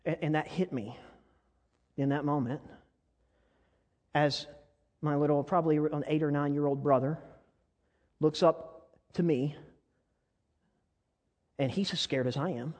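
A male preacher with a fairly high voice delivers his sermon with passion, at times sinking into hushed, personal tones. His words trail off into the long echo of a large sanctuary. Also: steady tone, unhurried, long pauses. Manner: impassioned storytelling that drops to soft, intimate tones. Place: church sanctuary. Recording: long reverb of a large church hall.

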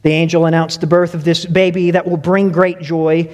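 High-voiced preacher in a reverberant hall. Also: male voice, level tone, normal speed, darkish tone. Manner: conversational, addresses listeners directly with questions. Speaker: pastor. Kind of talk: sermon with personal stories.

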